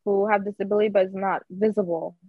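A woman's voice: mid-range voice, fairly even intonation, quick pace, dry recording. Emphatic woman with a dull, dry sound. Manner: earnest, emphatic, repeats "you know". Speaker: podcast guest. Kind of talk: casual podcast chat.

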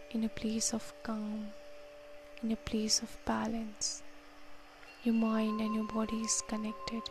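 A woman leading a guided meditation, counting breaths and giving slow, soft, calm instructions. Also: fairly high pitch, creaky.

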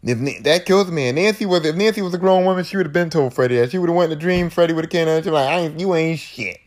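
Man, podcast host, casual profane movie recap, acts out lines, fairly high-pitched. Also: racing.

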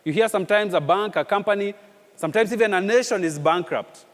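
Preaching at a fairly quick clip, this pastor has a somewhat high voice and leans on repetition and animated rhetorical questions. The sound rings with the long reverb of a church hall.

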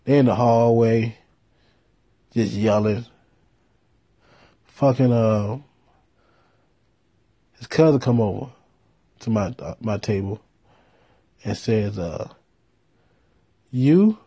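A man telling a profane story in a laid-back way, with deadpan punchlines. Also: on the low side, takes it slowly, pauses often, slightly rough. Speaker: storyteller host.

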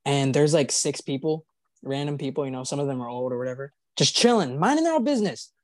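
A man's voice: mid-range voice, expressive, fast, dry recording. A young man hosting a podcast, telling a story casually with many fillers and restarts. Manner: rambling, filler-heavy, laughing retelling. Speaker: podcast host.

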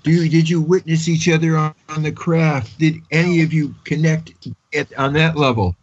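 A man with a rather high voice co-hosts a radio show and asks his question in halting bits, starting over several times. The sound is dull and lo-fi, a bit off the mic. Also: fairly even intonation. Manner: halting, restarts while asking. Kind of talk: interview question. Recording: dull distant lo-fi radio audio.

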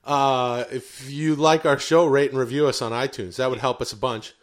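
A man's voice: medium pitch, steady tone. A man co-hosting a podcast, rambling through the show's plugs. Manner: rambling, unhurried. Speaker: podcast co-host. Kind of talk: casual show announcements.

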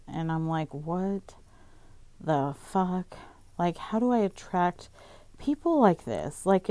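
Woman, lowish dark tone, dry close sound; vents a casual storytime with blunt swearing and constant "like". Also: no room sound. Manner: profane, exasperated, heavy use of "like". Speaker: vlogger.

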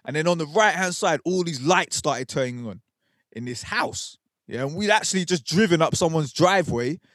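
A man's voice: on the high side, normal speed, dry recording, clean studio sound. A young man, co-hosting a podcast and telling a rambling, slang-heavy story. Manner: animated, swearing, slangy storytelling. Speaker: podcast co-host. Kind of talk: casual storytelling. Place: podcast studio.

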